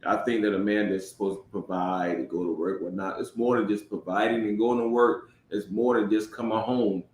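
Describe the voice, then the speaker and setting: A man with a fairly low voice, co-hosting a podcast. He speaks earnestly and reflectively, and often breaks off to gather his thoughts. He sounds like he is in a roomy, echoey room. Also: fairly even intonation, brisk, a little hiss or hum. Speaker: podcast co-host. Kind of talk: casual conversational podcast. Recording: roomy echo.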